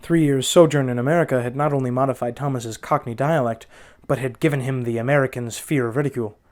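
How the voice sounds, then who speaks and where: A man narrating a classic horror story in the first person, with measured, dramatic pacing. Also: medium pitch, fairly even intonation, a little mellow. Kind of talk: audiobook narration.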